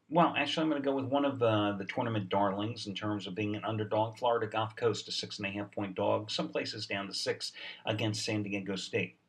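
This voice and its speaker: A man with a lowish voice talks through his sports betting picks in a salesy, wry way, filling gaps with "uh." He sounds short on sleep. His voice sits a bit back from the mic. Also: a bit bright, far from the mic. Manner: salesy, sarcastic, many "uh" fillers. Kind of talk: sports betting video report.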